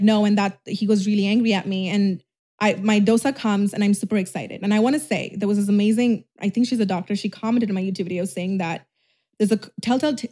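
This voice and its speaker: A woman's voice: medium pitch, darkish tone. A young woman telling a personal story on her vlog in a candid, rambling way, saying "like" often, restarting sentences and swearing casually. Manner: candid, rambling, heavy use of "like", frequent restarts. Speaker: YouTuber.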